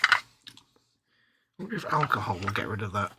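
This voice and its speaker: A man's voice: fairly low pitch, sing-song, moderate pace. Joking man chatting on a noisy stream. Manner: jokey, rambling, sing-song wordplay. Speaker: co-host of a modelling livestream. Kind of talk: casual chat while building a model. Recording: noisy home livestream audio.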